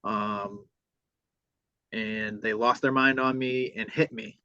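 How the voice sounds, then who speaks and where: A man's voice: fairly low pitch, steady tone, takes it slowly, bright, forceful tone, no echo. A man hosting a podcast, telling a personal story in a casual, profane way and acting out what people said. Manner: profane, re-enacts dialogue. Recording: dull lo-fi sound.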